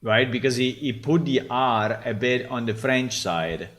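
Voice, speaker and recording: A man's voice: medium pitch, unhurried, fairly bright tone. A man hosting a developer stream, judging voice samples casually and thinking aloud with many restarts. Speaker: game developer, host. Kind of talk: casual commentary.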